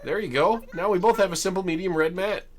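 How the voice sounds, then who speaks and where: A man voicing a sweet, grateful female game villager who styles hair, in a high chirpy voice. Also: fast.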